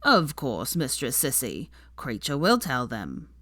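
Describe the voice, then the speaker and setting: A woman voicing a croaky, servile old male house elf in a storybook reading. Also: very deep voice, wildly swooping pitch, unhurried, fairly bright tone, no room sound, pitched below the performer's own voice, exaggerated voice. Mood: fawning. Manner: servile, speaks of himself in third person.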